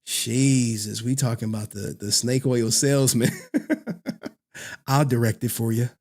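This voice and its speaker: A man's voice: mid-range voice, fairly even intonation, measured pace, darkish tone. A man hosting a live stream, rambling casually, laughing often and groping for words. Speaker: livestream host.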